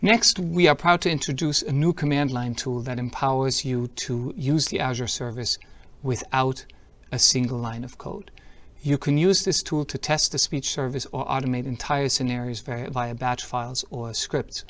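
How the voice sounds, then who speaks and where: At a tech conference, a man presents a product demo in a medium-pitched, fairly bright voice at a normal speed. His delivery is upbeat and explanatory, and he walks through each step while demonstrating it.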